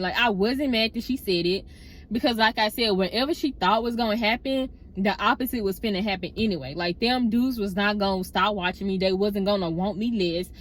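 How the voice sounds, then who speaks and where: A woman chatting in a car, telling a story straight to her viewers in a casual, expressive way. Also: medium pitch. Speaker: storytime vlogger.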